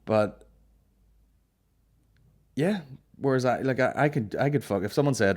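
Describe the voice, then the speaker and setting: A man's voice: medium pitch, moderate pace, pauses often, a little mellow. A young man with a Northern Irish accent, hosting a podcast in casual, rambling chat full of swearing and fillers. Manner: swears freely, rambling storytelling with frequent fillers. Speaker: podcast host.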